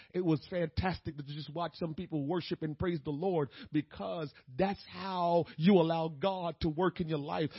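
Man, pastor, sermon, husky, quiet to shouting, dry, muffled recording. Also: on the high side, no echo. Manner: swings from quiet to shouting, crying out.

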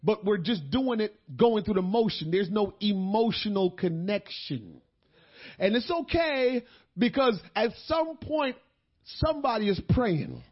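Pastor, male, very high voice. Fervent sermon delivery that rises to shouting. Muffled, lo-fi audio. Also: big pitch swings, a little slow, breathy edge. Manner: impassioned preaching, swelling to shouts.

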